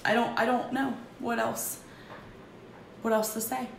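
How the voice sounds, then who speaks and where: A woman in her thirties candidly confessing her struggles in a halting, emotional vlog, with frequent restarts. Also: on the high side, little pitch movement, creaky. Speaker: vlogger. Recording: echoey room with faint background noise.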